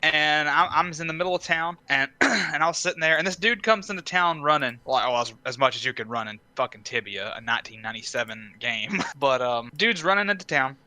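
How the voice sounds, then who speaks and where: A man co-hosting a casual podcast, telling a relaxed story, swearing and laughing along the way. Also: fairly high pitch, brisk, no room sound. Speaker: podcast co-host.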